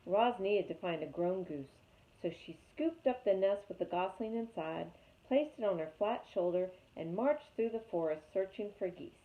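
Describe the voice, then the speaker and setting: A woman reading a chapter book aloud with lively, expressive storytelling. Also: mid-range voice, moderate pace. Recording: tinny phone-like sound.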